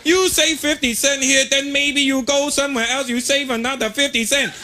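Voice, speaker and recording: A man's voice: high voice, sing-song, breathy edge, exaggerated voice. A comedian voicing a stubborn male mall shopkeeper who haggles and lectures in broken English. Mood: haggling. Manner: broken English, drawn-out and insistent. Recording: live stand-up recording, loud background noise.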